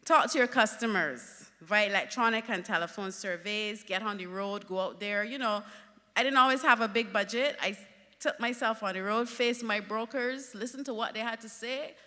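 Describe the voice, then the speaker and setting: A woman giving a conference talk, telling lively stories with emphatic punch. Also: medium pitch, normal speed, big-room sound. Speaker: conference speaker.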